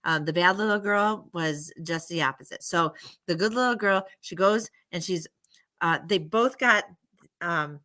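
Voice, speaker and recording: A woman's voice: on the low side, a little slow, bright, forceful tone. A woman casually retelling a bedtime story on a live stream, rambling with laughing asides. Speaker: livestream host.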